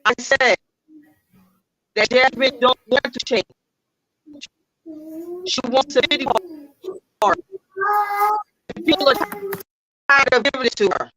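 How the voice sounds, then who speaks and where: Bright, blunt woman caller. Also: sits high, slow pace, long pauses. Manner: blunt, outspoken. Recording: muffled, breaking-up call line.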